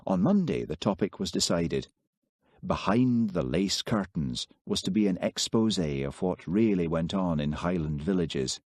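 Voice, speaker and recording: A man narrating a novel as an audiobook in measured storytelling. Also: low-pitched, lively intonation, a little mellow, dry recording, studio quality. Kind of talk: scripted narration.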